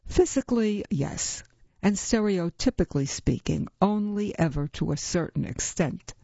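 A woman voicing a cold, amused dragon woman who teaches a class with dry, unhurried mockery. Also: animated, gravelly, mellow, dry recording. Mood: lecturing. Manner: dry, mocking, unhurried lecturing. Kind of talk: audiobook reading. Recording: dull, low-fi recording.

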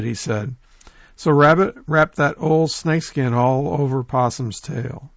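A man telling a folk tale in a lively oral storytelling manner, talking straight to his listeners. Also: medium pitch, measured pace, creaky, dry recording, lo-fi sound. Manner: lively, animated, addresses listeners directly.

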